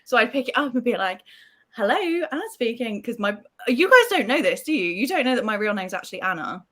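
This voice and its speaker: A woman's voice: mid-range voice, fast talker. Chatty young woman on a call. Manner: relaxed, chatty, giggly. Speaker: guest, film reviewer. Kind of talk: casual chat.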